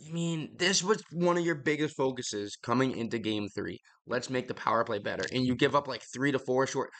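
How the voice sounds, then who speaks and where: A young man, out of breath, talks hockey in a loose, rambling way, blunt and quick to swear. His voice is bright and forward at a middling pitch. He sounds like a casual podcast host chatting to his listeners.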